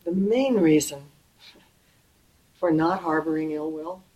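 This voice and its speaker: A middle-aged woman giving a Buddhist dharma talk in a gentle, conversational way, slowing and softening on key phrases. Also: low voice, muffled recording. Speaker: Buddhist teacher.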